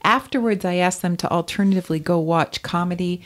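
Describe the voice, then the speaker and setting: A woman co-hosting a casual chat, a Chinese medicine practitioner who talks in an animated way and laughs often. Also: fairly low pitch, a little fast.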